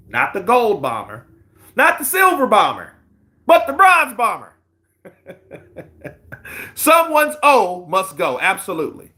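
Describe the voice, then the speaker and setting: A man hosting live boxing commentary, excitable and profane, laughing often. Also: sits high. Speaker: boxing news host. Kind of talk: casual live-stream commentary.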